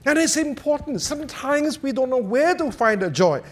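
A man preaches a sermon in a notably high voice. His pitch swings widely as he tells stories and jokes with animated delivery. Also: normal speed.

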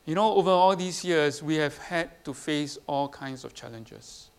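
A man's voice: on the high side, measured pace, smooth. A man preaching a sermon, putting questions to the congregation and tagging his points with "right?". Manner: asks the congregation questions, tags lines with "right?". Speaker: pastor.

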